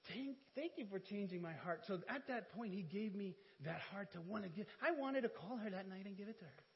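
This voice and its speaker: A man preaching in a church and telling a personal story, animated and humorous, acting out conversations. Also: high voice, a little fast. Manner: animated, acts out dialogue with humor. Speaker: pastor. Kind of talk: sermon storytelling. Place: church sanctuary. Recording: dull, reverberant church audio.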